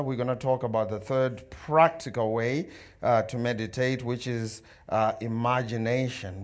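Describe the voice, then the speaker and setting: A man preaching a sermon in a mid-range voice. He tells stories and slips into the voices of the people in them, shifting his delivery as he goes. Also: medium pitch. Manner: storytelling, acts out dialogue and crowd voices. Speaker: pastor.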